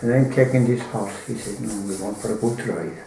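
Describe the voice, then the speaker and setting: A man's voice: on the low side, a little fast, vocal fry, mellow, roomy sound, a little hiss or hum, rough recording. An Irish man telling a folk tale in a rambling, colloquial way, full of swearing. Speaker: storyteller.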